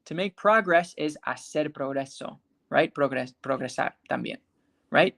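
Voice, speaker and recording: An English teacher giving a live online class, saying example words slowly and carefully, calling on students by name and checking often that they follow. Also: mid-range voice, lively intonation, gravelly, fairly bright tone.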